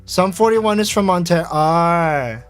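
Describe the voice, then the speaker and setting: A man's voice: on the high side, expressive, unhurried, smooth, soft background music. An American man chatting casually on a livestream in a rambling, chatty way with frequent laughs. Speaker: vtuber streamer.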